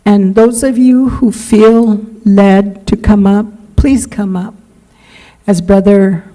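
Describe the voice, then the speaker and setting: A woman's voice: medium pitch, steady tone, mellow, poor audio. A woman preaching a sermon in a church, earnest and pleading, leaning hard on key words. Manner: earnest, pleading, drawn-out emphasis. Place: church sanctuary.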